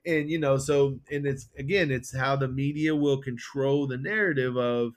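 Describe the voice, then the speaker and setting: A man co-hosting a political podcast, rambling and animated as he retells stories with quoted voices. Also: medium pitch, moderate pace, hardly any pauses. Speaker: podcast co-host. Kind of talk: casual political chat.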